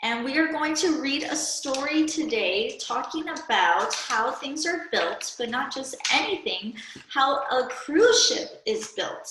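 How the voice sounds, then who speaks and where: Woman teacher for a kids' video lesson: slow, careful, slightly high voice, recorded in a roomy echo. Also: lively intonation, fairly bright tone, a little hiss or hum. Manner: slow, clear, patient classroom delivery with prompts to pause. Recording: echoey room.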